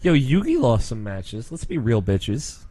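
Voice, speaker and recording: A young man co-hosting a casual podcast, loud, crude and mocking, often laughing. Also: mid-range voice, sing-song, measured pace, dry recording. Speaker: podcast co-host.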